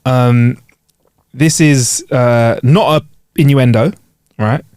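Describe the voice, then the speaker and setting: A man's voice: medium pitch, slow, a little mellow, clear, resonant tone, no room sound, clean studio sound. A man co-hosting a casual comedy podcast. He reads out odd news stories and jokes his way through them in a rambling way. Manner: jokey, rambling, laughs while reading. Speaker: podcast co-host.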